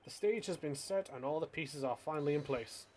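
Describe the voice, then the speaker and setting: A man's voice: fairly high pitch, fairly quick, darkish tone, a little hiss or hum, close to an everyday voice. A man voicing a theatrical, pompous detective in a video game, with a giggly, grandiose delivery. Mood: smug.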